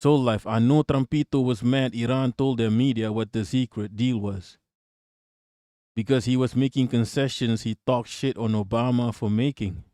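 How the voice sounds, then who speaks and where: A man's voice: medium pitch, steady tone, moderate pace, mellow, no room sound, clean studio sound. A man hosting a live stream, reacting to news and talking back to chat in a blunt, profane, joking way, often repeating himself. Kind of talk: casual live-stream commentary.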